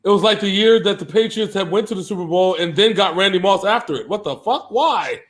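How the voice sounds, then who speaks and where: A man in his thirties co-hosting a casual sports show, loud, laughing and swearing often. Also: high-pitched, fast. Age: 30s. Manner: loud, laughing, profane trash talk. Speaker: co-host. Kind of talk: casual sports podcast banter. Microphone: remote call.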